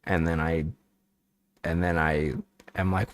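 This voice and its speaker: A man's voice: low voice, level tone, slow, no echo. A man streaming as a VTuber, chatting playfully with viewers and making up a rambling silly story. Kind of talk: casual livestream chat and improvised bedtime story.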